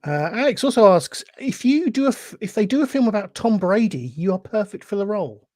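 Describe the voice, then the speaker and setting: A man's voice: high-pitched, very animated, fairly quick, a little mellow, no room sound, studio quality. A man hosting a podcast, reading listener questions aloud and answering with short, friendly agreements. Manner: affable, reads questions out, short agreeing replies. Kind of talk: casual podcast chat.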